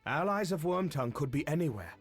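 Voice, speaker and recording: A man's voice: a little high, expressive, fast talker, slightly rough, soft background music. A man voicing a watchful male companion in a fantasy game, speaking formally.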